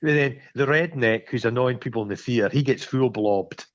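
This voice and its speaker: A Scottish man in casual podcast chat, crude and jokey as he recounts a film. His voice sits at a middling pitch. The sound is a bit dull and lo-fi. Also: moderate pace. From Scotland. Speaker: podcast co-host.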